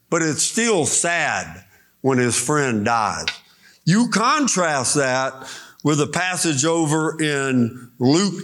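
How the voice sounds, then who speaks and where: A man preaching a sermon, explaining scripture slowly and deliberately and reading verses aloud. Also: a little high, fairly bright tone.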